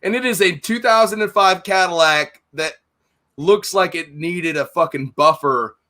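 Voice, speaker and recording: A man's voice: high voice, moderate pace, pushed and bright. A middle-aged man telling a heated story in casual podcast chat, blunt and swearing constantly, acting out both sides of an argument. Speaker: podcast host, store owner.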